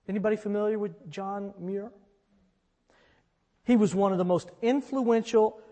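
A man preaching a sermon as a pastor, slow and deliberate, swinging between emphatic lines and hushed ones. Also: high voice. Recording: long reverb in a large hall.

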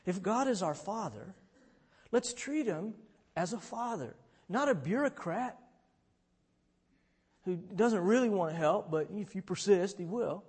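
A man with a high voice preaches in a casual, talk-like manner. His voice rings with a long reverb, as in a large hall. Now and then he rises to a shout as he retells a story. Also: lively intonation, a little slow, pauses often, slightly rough. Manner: conversational preaching, bursts into shouts when retelling scenes. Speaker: pastor. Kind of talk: sermon.

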